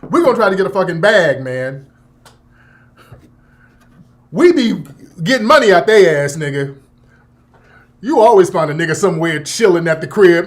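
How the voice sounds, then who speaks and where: Animated high-voiced male radio host. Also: normal speed, pauses often. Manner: profane, animated, laughing, with mocking put-on voices. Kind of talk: opinionated talk radio monologue.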